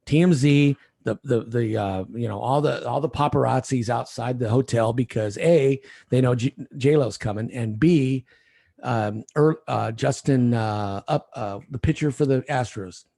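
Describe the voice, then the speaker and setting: A man's voice: mid-range voice, measured pace, creaky. A middle-aged man telling a rambling story over drinks, acting out the other people in it. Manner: rambling, animated retelling with voiced quotes. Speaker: podcast guest.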